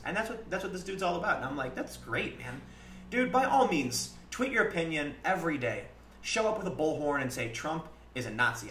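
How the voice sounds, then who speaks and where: Earnest man with a bright voice. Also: fairly high pitch. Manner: earnest, conversational, acts out quoted exchanges. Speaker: livestream host. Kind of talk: casual livestream commentary. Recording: roomy echo with faint background noise.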